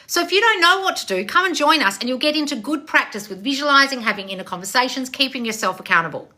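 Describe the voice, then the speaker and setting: A woman coaching her viewers live, loud and fired-up, blunt and quick to swear. She calls people darling with a sassy edge. Her voice sits a little high and rings bright and forceful. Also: lively intonation. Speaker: manifestation coach. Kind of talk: live-streamed coaching with read-out viewer questions.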